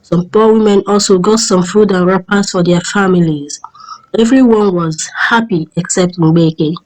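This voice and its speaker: Lady reading a folk tale, lowish voice, steady and measured. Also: low-quality recording. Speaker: storyteller. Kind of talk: storytelling narration.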